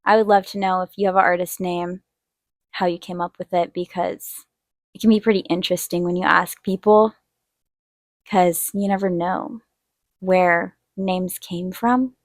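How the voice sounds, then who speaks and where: A young woman hosting an art video, telling a personal story in a chatty way and acting out quotes in a higher voice. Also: fairly even intonation, measured pace, no room sound, clean studio sound. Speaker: art channel host. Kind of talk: casual storytelling while drawing.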